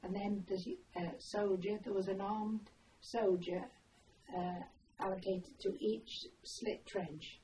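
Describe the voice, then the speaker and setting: An older woman telling her memories in an oral history interview, with an unhurried, meandering way of telling a story. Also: mid-range voice, steady tone, dark tone. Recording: distant mic, faint background noise.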